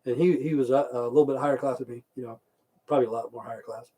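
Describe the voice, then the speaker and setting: A man's voice: medium pitch, fairly even intonation, very fast, dark tone, slightly rough. A middle-aged man telling a rambling, crude story on a livestream, swearing constantly and repeating himself. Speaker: livestream host.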